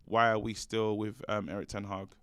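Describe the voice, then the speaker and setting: A man's voice: fairly low pitch, level tone, normal speed, fairly bright tone, clear, resonant tone, no echo, studio quality. A man co-hosting a football fan show, reading viewer comments in a jokey, stumbling way with many fillers. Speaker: fan channel co-host.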